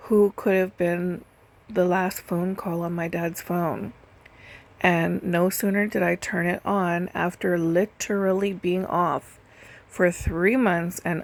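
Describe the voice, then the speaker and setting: In a separately recorded voice-over, a nail and lash technician tells stories in a casual, chatty way, packed with "like" and "literally." Her voice is mid-range and creaky.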